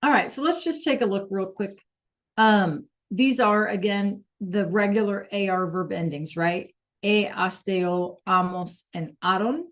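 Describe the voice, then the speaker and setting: Woman teacher, live online class, casual and chatty, clears her throat. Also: mid-range voice, unhurried. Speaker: Spanish teacher.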